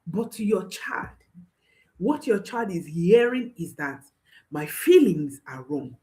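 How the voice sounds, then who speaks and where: A woman's voice: fairly low pitch, sing-song, slow pace, dark tone. A woman parenting coach giving advice to viewers, emphatic, often repeating her phrases and checking in with a questioning "hmm?".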